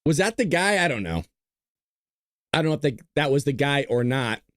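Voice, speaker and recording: A man's voice: a little high, animated, moderate pace, dry recording, studio quality. Blunt man hosting a live stream. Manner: blunt, casual, combative; clears his throat often. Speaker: show host. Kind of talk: livestream commentary to a chat.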